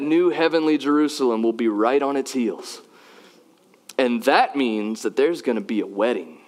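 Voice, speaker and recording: A man giving a sermon, moving from personal storytelling to loud, emphatic calls to worship. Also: medium pitch, normal speed. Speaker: pastor.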